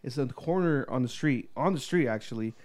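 A man's voice: medium pitch, lively intonation, brisk, a little mellow. A young man chatting casually, telling a story with lots of swearing and acted-out voices. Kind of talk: casual chat.

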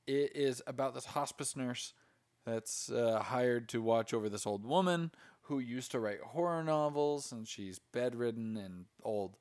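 A man's voice: mid-range voice, measured pace, darkish tone. Blunt, foul-mouthed man ranting about films. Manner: profane, blunt and critical. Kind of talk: casual movie chat.

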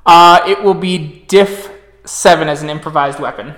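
A man acting as storyteller for a tabletop role-playing game, calling out dice rolls with relaxed "uh" pauses. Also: on the high side, reverberant.

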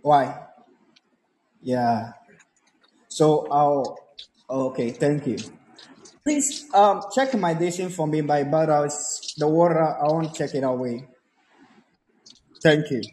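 Slow-spoken pastor, lively pitch. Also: male voice. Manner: slow, polite, repeats short phrases. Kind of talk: prophetic ministration session.

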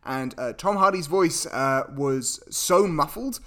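A man's voice: on the high side, animated, slow, sharp tone. A man co-hosting a casual film podcast, playful and teasing, swearing now and then. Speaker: podcast co-host.

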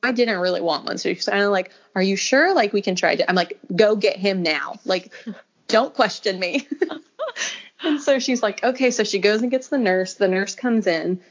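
A young adult woman telling a personal story in casual conversation, acting out quoted lines and laughing often. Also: moderate pace. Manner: animated, acts out quoted lines with pitch jumps, laughs often. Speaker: podcast guest telling a birth story. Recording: dull lo-fi audio.

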